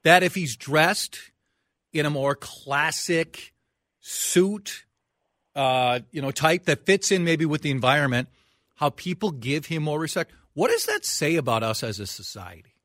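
A man's voice: on the high side, sing-song, measured pace, fairly bright tone, no room sound. A middle-aged man hosting a radio show, chatting casually in a studio, easygoing and self-mocking, tossing out open questions.

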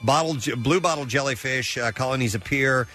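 A man's voice: mid-range voice, fairly quick, bright, forceful tone, faint music behind. A man hosting a casual talk show, reading odd news stories aloud with frequent uh fillers and self-corrections. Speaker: news segment host.

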